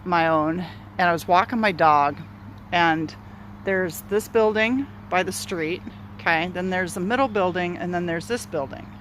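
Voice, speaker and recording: A woman's voice: fairly low pitch, fairly bright tone, slight background noise. A woman outdoors telling a personal story in a candid, rambling way, swearing freely and circling back on herself. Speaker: speaker sharing a personal story. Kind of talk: casual spoken storytelling. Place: outdoors near bushes in an urban area.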